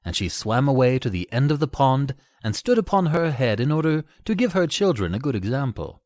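A man narrating a fairy tale in an expressive storytelling manner. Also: mid-range voice, fairly quick, no room sound.

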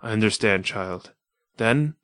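A man doing a grave, soft-spoken wandering swordsman. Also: lowish voice, lively intonation, slow, dry recording, studio quality. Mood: gentle, grave. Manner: soft, soothing, archaic speech. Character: grim wandering swordsman, gentle with the weak. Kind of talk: audiobook character voice.

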